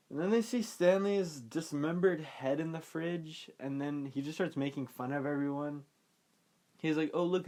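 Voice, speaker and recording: A man's voice: medium pitch, mellow. A young man casually recapping a film, rambling and offhand, often trailing off with "like" and "I don't know.". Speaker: podcast host recapping a film.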